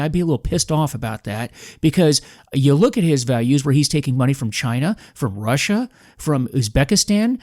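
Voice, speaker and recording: A man in a combative, preachy political monologue, hammering his points home with emphasis. His voice sits a bit high for a man, and it is recorded dry and close with no room sound. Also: a little mellow, no room sound. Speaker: podcast host.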